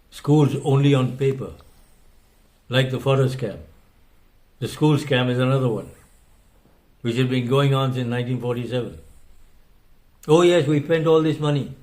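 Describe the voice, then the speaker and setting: A man's voice: mid-range voice, a little mellow. An older man who hosts a talk show and delivers an impassioned commentary monologue. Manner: impassioned, emphatic. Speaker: host.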